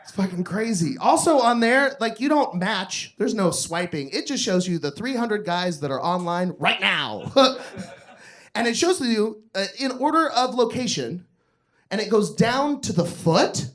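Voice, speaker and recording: A young adult man telling crude, animated stories during a stand-up comedy set on a club stage. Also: sits high, unhurried.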